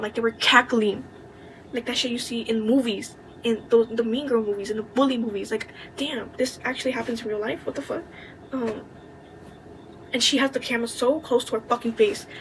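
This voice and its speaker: Young woman, casual storytime vlog, candid and indignant, swears a lot, slightly high voice. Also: slight background noise, rough recording. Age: young adult. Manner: candid, frequent swearing, fast asides; indignant, venting. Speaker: vlogger.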